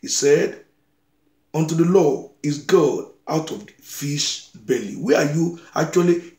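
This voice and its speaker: A man's voice: on the high side, a little slow, darkish tone, echoey room. A man preaching a sermon, reading scripture aloud and exhorting his listeners with repeated phrases.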